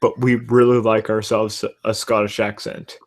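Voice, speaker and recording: A man's voice: lowish voice, level tone, moderate pace. A man from Canada, joking and teasing in a casual group call. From Canada (Saskatchewan). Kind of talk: casual group video chat.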